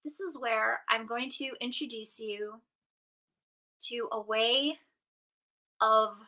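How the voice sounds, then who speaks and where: A middle-aged woman coach giving an animated motivational talk, acting out inner voices as she goes. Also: a little high, slow pace, low-quality recording. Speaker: positive intelligence coach.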